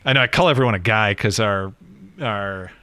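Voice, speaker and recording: A man co-hosting a live stream, talking casually and haltingly with many restarts. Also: fairly low pitch, pushed and bright, smooth, dry recording.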